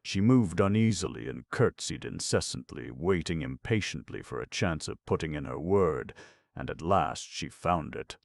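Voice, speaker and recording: A man narrating a classic novel as an audiobook in a measured storytelling voice. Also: rumbling low, animated, vocal fry, no room sound.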